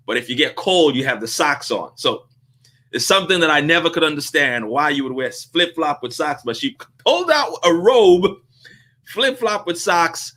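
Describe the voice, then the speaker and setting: Guy on his vlog telling a funny business story, bright punchy voice, lively, kinda high. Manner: animated, laughs through his story, acts out dialogue. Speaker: vlog host on business advice. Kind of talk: casual anecdotal storytelling.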